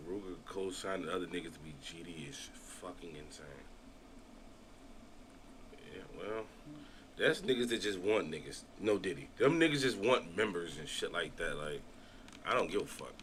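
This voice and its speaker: A man's voice: deep voice, lively intonation, moderate pace, noisy background. A man from Chicago reacting to videos on stream, talking loosely and profanely with frequent restarts. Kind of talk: casual reaction stream chat.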